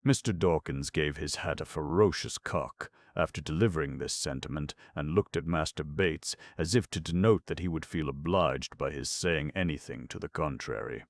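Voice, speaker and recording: A man reading a classic novel aloud as an audiobook narrator, in a measured storytelling manner. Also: extremely low pitch. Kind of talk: scripted narration.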